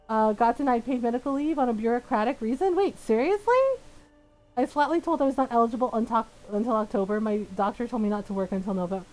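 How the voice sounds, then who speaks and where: A woman's voice: fairly high pitch, darkish tone, rough recording. A woman, ranting and swearing in casual chat as a streamer, laughing often. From Philippines.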